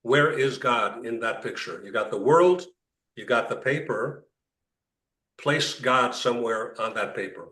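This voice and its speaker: A man's voice: mid-range voice, lively intonation, unhurried, sharp tone. A man, a rabbi, leading an interactive class, telling jokes and often repeating words as he thinks. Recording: echoey room, mic far off.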